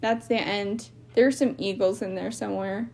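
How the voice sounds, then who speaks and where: A woman's voice: medium pitch, fairly even intonation, normal speed, gravelly, darkish tone, slight background noise. A young woman chatting casually as a podcast guest, talking in a valley-girl way, full of "like". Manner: valley-girl speech with lots of "like". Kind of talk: casual chat.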